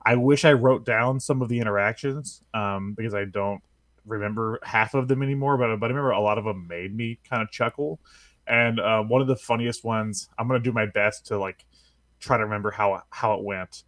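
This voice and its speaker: A man's voice: fairly low pitch, fairly quick, a bit bright, no room sound, studio quality. A man chatting casually on a gaming podcast, reviewing a game with lots of fillers and chuckles. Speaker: podcast co-host.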